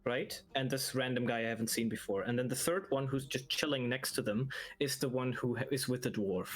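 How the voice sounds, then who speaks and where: A man playing a tabletop game online, chatting quickly and easily flustered. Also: mid-range voice. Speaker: player. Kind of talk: casual chat at a gaming table.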